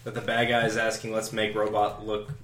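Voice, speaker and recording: Wry male co-host, lowish voice, emphatic bursts, echoey with faint hiss. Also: monotone, a little fast, fairly bright tone. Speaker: podcast co-host. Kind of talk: casual movie discussion. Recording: roomy echo with faint noise.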